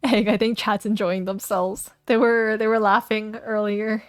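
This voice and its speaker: A woman's voice: mid-range voice, little pitch movement, measured pace, dry recording, studio quality, faint music behind. A young woman streaming a game, chatting playfully and reading its text aloud, giggling often.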